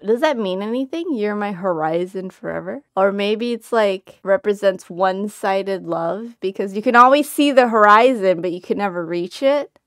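A woman's voice: medium pitch, animated, moderate pace, no room sound. A woman hosting a music reaction video, talking casually with frequent exclamations and slang.

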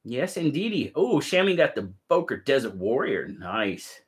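A man's voice: medium pitch, very animated, unhurried, few pauses. A man hosting a casual live stream, cheerfully greeting viewers by name and chatting about their gear.

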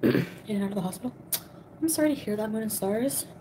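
A woman's voice: medium pitch, animated, fast talker, warm tone, slight background noise, low-quality recording. A young woman chatting casually with viewers on a livestream while eating, greeting people by name and talking between bites. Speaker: livestream host.

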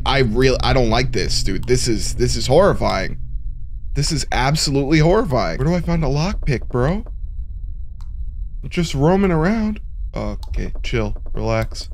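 A man's voice: mid-range voice, darkish tone. A man casually commenting on a horror game as he plays, jumpy and talking to himself, with lots of "bro" and "dude". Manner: jumpy, reacts aloud, talks to himself, says bro and dude. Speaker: horror game let's player.

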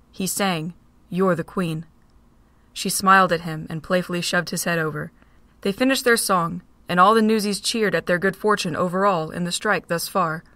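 A woman narrating a fan-made audio drama in a steady storytelling manner. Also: mid-range voice, dry recording.

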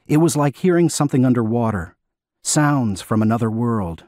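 A man narrating an audiobook in a measured, dramatic way, recorded in a studio. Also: lowish voice, expressive, a little mellow, dry recording.

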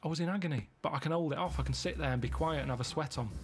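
A man telling rambling stories in a deadpan way during a casual podcast chat. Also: fairly high pitch, racing. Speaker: podcast regular.

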